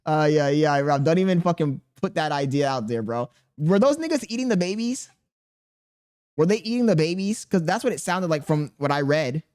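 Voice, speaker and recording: A man's voice: on the high side, moderate pace. A man live streaming, reading his chat aloud and bantering back in profane, slangy talk. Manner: slangy and animated.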